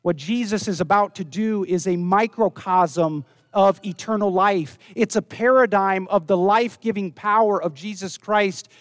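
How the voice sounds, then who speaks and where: A man preaching a sermon, earnest, dropping low and soft when he quotes scripture. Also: no echo, clean studio sound. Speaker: pastor.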